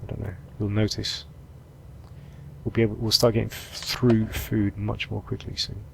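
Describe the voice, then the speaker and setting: A man giving relaxed let's-play commentary, thinking aloud as he sorts through supplies and plans his next move. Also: fairly low pitch, moderate pace, gravelly, slight background noise. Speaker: gameplay commentator.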